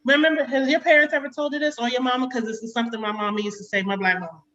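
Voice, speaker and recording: A woman in her forties doing a chatty stand-up comedy set over a video call, slipping into sharp quotes of a stern mother. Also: on the high side, steady tone, very fast, highs cut off. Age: 40s.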